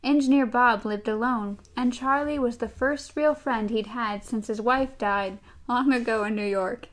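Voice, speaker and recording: A woman's voice: on the high side, measured pace. A woman co-hosting a podcast, casually reading a storybook aloud with amused asides. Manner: amused, laughs through the reading. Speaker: podcast co-host.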